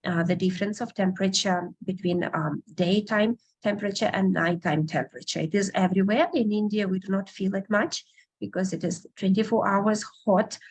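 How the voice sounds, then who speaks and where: A Russian woman patiently teaches an online beginner language class, repeating words slowly for her students. Her mid-range voice is steady and husky.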